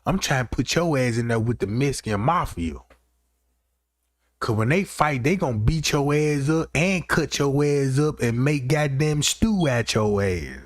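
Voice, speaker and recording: A man's voice: medium pitch, animated, measured pace, dry recording, studio quality. A man hosting a livestream, rambling through a profane comic rant and constantly checking in with his listeners. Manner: rambling, keeps asking "you know what I'm talking about". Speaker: livestream host.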